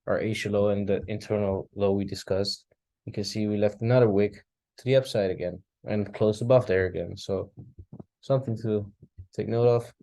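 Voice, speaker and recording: A man's voice: lowish voice, steady tone, normal speed, gravelly, warm tone, no room sound. A man casually talking through a trading chart recap, thinking aloud and yawning now and then, recorded at a desk mic. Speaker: forex trader reviewing charts. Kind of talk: casual screen-share market recap.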